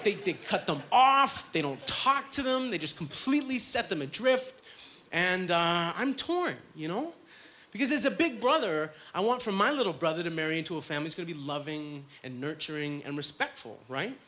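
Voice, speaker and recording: A man performing a stand-up comedy set on a club stage, chatty and self-deprecating, with plenty of filler words and quick asides. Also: high-pitched, lively intonation, pushed and bright, a little hiss or hum.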